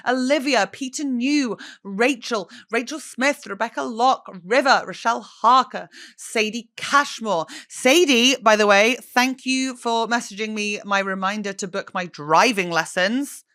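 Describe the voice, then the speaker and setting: A woman with a mid-range, sharp-toned voice hosts a podcast, keeping the casual chat bubbly and playful.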